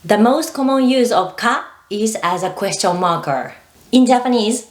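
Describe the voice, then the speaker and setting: A woman gives a scripted language lesson in a clear, patient voice of middling pitch. She explains each grammar point step by step and reads out the example sentences. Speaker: Japanese language teacher.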